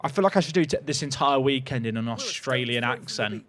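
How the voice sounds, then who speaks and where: A young man chatting excitedly to his stream chat while commentating his own racing game session. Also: mid-range voice, fairly quick, few pauses. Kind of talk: live gameplay commentary. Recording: faint game music behind.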